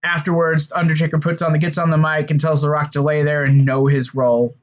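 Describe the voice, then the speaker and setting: A man's voice: on the high side, level tone, fairly quick. Rambling man recapping wrestling, lo-fi sound. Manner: rambling, conversational, with fillers and restarts. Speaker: wrestling show reviewer. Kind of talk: casual recap and commentary.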